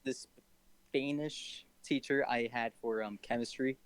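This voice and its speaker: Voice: medium pitch, steady tone, unhurried, no room sound. A speaker in a casual group chat, playful and hesitant.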